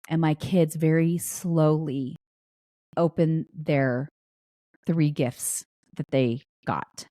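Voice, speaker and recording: A woman with a notably low, deep voice tells a story, casual and chatty. She backtracks often, dropping fillers as she goes. The sound is dry and close, with no room around it. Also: dark tone, no room sound. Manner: chatty, with frequent restarts and fillers. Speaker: podcast host.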